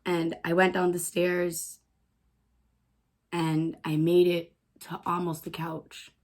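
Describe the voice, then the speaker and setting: Woman vlogger, personal story, halting delivery, fillers, low hushed voice at times. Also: level tone. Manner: halting, repetitive, many "like" fillers.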